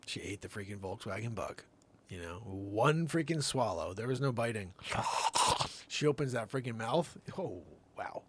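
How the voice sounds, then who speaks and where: A man's voice: on the low side, expressive, moderate pace, husky. A middle-aged man hosting a comedy show, spinning a rambling tall-tale monologue with theatrical jumps in voice.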